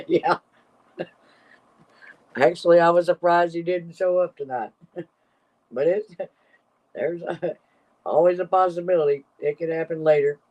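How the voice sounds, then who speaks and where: Woman stream host, mellow and unhurried, breathless with laughter, casual chat. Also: fairly low pitch. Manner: laughs constantly between comments. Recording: slightly dull lo-fi audio.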